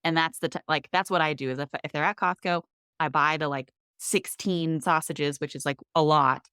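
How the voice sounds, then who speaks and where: A woman hosting a podcast, talking in an upbeat, conversational way as she tells cooking stories. Her voice sits low for a woman and sounds smooth and clear. The recording is dry and close. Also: fairly even intonation, normal speed, a bit bright, no echo. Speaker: podcast host. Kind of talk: casual chat.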